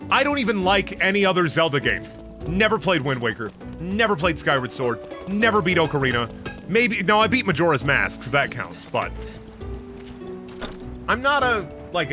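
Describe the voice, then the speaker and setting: A young man streaming, ranting emphatically and swearing heavily in casual talk. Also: fairly high pitch.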